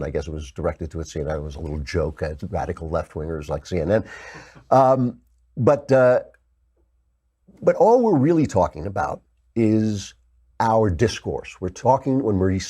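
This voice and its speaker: A man's voice: warm tone, breathy edge. An older man hosting a political commentary show, delivering a heated, sarcastic monologue. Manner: heated, sarcastic, mocks opponents in high whiny put-on voices.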